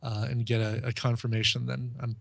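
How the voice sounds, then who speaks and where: A man's voice: medium pitch, little pitch movement, brisk, gravelly, a bit bright, dry recording. A man co-hosting a podcast, chatting in an easygoing way with lots of hesitations. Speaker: podcast co-host. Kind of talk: casual chat.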